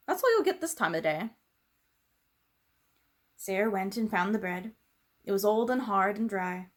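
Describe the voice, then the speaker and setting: A woman reading a children's storybook aloud as a storyteller, gentle and unhurried. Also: mid-range voice.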